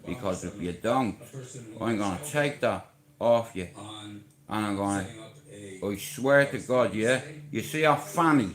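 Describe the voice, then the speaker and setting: A man's voice: lowish voice, measured pace, pauses often, a bit bright, low-quality recording. Taunting, aggressive Irish man ranting. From Ireland. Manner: aggressive, taunting and boastful, heavy swearing; challenges his target directly. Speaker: livestreamer. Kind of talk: livestream rant to camera.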